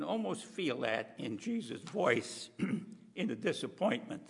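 A man preaching a sermon in a folksy, conversational way, often clearing his throat. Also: a little high, very animated, slow pace, long reverb tail.

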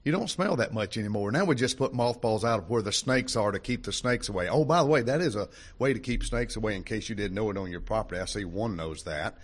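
A man's voice: on the low side, animated, fast, few pauses. An older man preaching a sermon to a congregation in a folksy, conversational way, full of rhetorical questions. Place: church hall before a congregation.

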